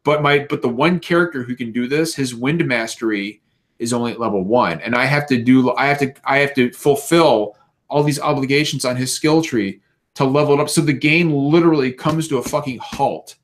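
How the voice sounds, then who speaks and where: A man's voice: medium pitch, fairly quick. A man on a casual podcast, ranting animatedly and swearing a lot. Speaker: podcast co-host. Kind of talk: casual chat.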